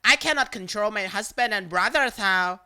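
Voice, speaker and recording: A storyteller voicing an entitled woman caller who shouts demands and threats down the phone. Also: medium pitch, lively intonation, moderate pace. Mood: shouting threats.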